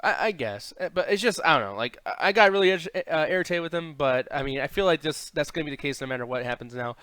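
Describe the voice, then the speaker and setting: A man with a slightly high voice talks quickly and bluntly through a TV recap. He swears casually and sounds laid-back. The sound is close and dry, with no room around it. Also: lively intonation, bright, forceful tone, clear, resonant tone, no room sound. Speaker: podcast co-host.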